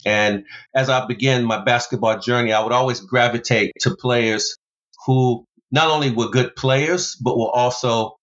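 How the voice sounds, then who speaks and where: An American man telling stories as an interview guest, his voice sitting at an ordinary middle pitch. He speaks animatedly and leaps upward for emphasis. The audio is a little dull and muffled. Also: measured pace. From United States. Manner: animated storyteller, big pitch jumps for emphasis. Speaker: guest, former pro basketballer and motivational speaker. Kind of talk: storytelling interview.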